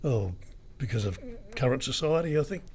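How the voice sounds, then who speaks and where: A man's voice: medium pitch, lively intonation, moderate pace, a little mellow. An older Australian man, a retired radio broadcaster, telling rambling anecdotes in an interview. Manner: rambling storyteller, lots of ums and restarts.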